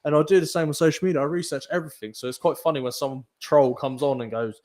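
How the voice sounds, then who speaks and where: Swearing podcast host. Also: male voice, fairly high pitch, steady tone, fast talker, darkish tone. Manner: profane, laughing storyteller. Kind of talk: casual chat.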